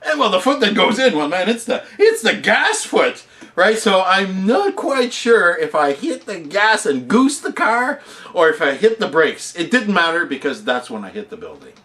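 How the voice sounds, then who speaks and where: Animated, bright-voiced man telling a story. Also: high voice, normal speed. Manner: animated, rambling storyteller who laughs at himself. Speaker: vlogger telling a personal story. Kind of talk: casual anecdote to camera.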